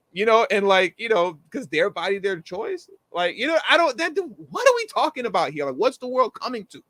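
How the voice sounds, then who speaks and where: A man co-hosting a casual commentary chat, animated and slangy, acting out the people he quotes. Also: high voice, fairly quick, few pauses, no echo. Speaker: co-host.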